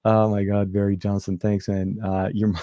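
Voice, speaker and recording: A Lebanese man whose first language is Arabic hosts a casual tech show chat, speaking with an American accent that carries a faint Arabic trace. His voice sits on the low side, dark and monotone at a moderate pace, captured as clean studio sound with no echo. He rambles, leans heavily on fillers, and keeps correcting himself with restarts.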